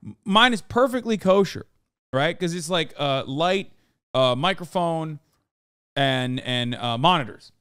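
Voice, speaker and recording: A man casually telling a story on a podcast, animated and swearing freely, acting out the people in it. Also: fairly high pitch, measured pace, clear, resonant tone, dry recording, studio quality. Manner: animated, swears, acts out quoted officials.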